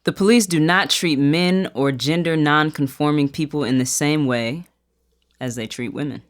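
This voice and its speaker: An advocate speaking in an interview clip, with a voice in a middle register. The delivery is measured and explanatory. Each point is set out steadily. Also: mid-range voice.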